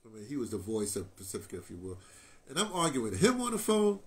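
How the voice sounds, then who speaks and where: An older man, a radio artist, telling a long personal story in an animated, emotional way, full of restarts and asides. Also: on the low side, quick pace.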